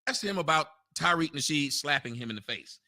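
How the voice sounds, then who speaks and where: Guy ranting loud and mocking on a voice chat, super bright forceful voice, pitched kinda high. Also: animated, a little fast. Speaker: show host. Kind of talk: heated online audio rant. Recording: online voice chat.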